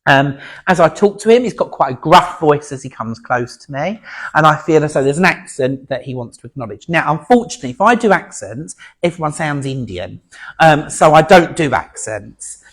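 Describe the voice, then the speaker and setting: A man working as a medium before an audience at a spiritualist centre, talking in a chatty, halting way full of fillers and restarts. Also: fairly high pitch, lively intonation, a bit bright, husky. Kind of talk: platform mediumship demonstration.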